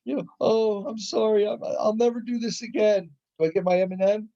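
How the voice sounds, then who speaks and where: A man's voice: high voice, fairly even intonation, fairly quick, creaky, mellow, muffled recording, voice pushed up. A man doing a whiny, stammering little kid. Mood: pleading. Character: young child, pleading and apologetic after being burned.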